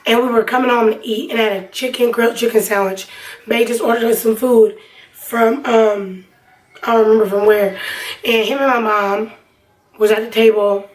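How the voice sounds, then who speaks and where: A woman's voice: on the high side, fairly even intonation, moderate pace, distant mic, rough recording. A young woman vlogger telling a personal story in a casual, rambling way with lots of fillers. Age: young adult. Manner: chatty, rambling, many fillers.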